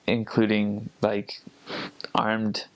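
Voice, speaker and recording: A man's voice: fairly low pitch, completely flat delivery, drawn-out words, poor audio. An American man explaining at length in a casual way, often stopping and restarting phrases, heard from a video played back. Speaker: commenter in the reacted video.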